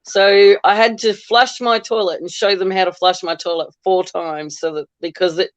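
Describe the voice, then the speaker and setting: A man's voice: sits high, steady tone, moderate pace, hardly any pauses, smooth, no echo. A man, chatting casually on a livestream and often laughing. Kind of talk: casual chat.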